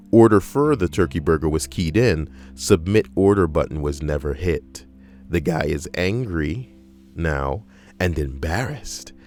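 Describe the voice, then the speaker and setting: A man's voice: low voice, darkish tone. A young man reading stories aloud and breaking off into sarcastic, profane, rambling asides. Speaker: story reader and commentator.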